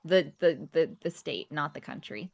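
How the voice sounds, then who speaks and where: A woman's voice: low-pitched, expressive, normal speed, gravelly. A woman streamer from the US South with a generic American accent with a slight Midwest hint, chatting casually with her viewers and laughing often. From Georgia, US South. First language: not English. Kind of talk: casual chat with live chat.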